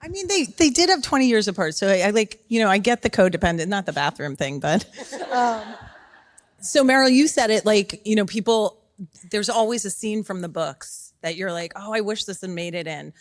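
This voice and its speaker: A woman's voice: medium pitch, animated, moderate pace. A woman moderator keeps a festival panel moving with light, teasing questions. Her voice sits in an ordinary middle range, and she giggles between questions.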